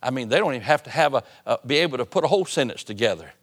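A man preaching a sermon, swinging between loud appeals and hushed tones. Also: medium pitch, expressive, racing. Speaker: pastor. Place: church sanctuary.

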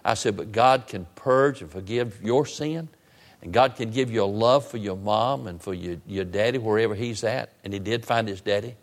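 A man preaching a sermon, retelling a story with many restarts and repeated words, and climbing high and loud when he retells his pleas. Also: moderate pace. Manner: repetitive restarts, rising to raised emotional pitch when retelling his pleas. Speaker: pastor.

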